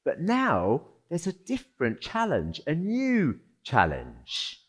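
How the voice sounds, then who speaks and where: A man preaching a sermon as pastor, conversational and animated, with rhetorical questions to the congregation. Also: on the high side, slow, breathy edge.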